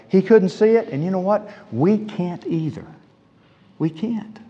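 A fairly high-voiced man preaches with emphasis, repeating lines to drive them home. His voice rings through a hall with a long tail of reverb. The recording is dull and lo-fi. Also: a little mellow. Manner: emphatic, repeats key phrases. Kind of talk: sermon.

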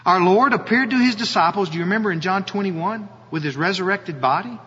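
Pastor guy preaching slow and earnest, high breathy voice, long hall echo, kinda dull audio. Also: sharp tone. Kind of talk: sermon.

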